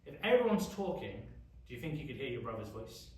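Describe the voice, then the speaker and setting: A man's voice: mid-range voice, big pitch swings, fast, a little mellow. A man with an English accent teaching a casual youth Bible study, chatty and often asking the group questions. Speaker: youth pastor. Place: church youth room. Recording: echoey room, mic far off.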